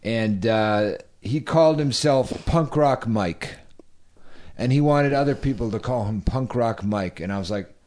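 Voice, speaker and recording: A man co-hosting a podcast, chatting casually and telling rambling stories in an animated way. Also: medium pitch, a little slow. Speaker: podcast co-host. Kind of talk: casual chat.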